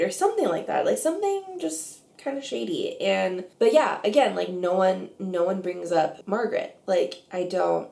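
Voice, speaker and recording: A woman's voice: mid-range voice, animated, moderate pace, vocal fry, few pauses, mellow, echoey room. A woman vlogging her reality TV reactions in a casual, opinionated way, with lots of "like". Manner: chatty, opinionated, heavy use of "like". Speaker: reality TV commentator.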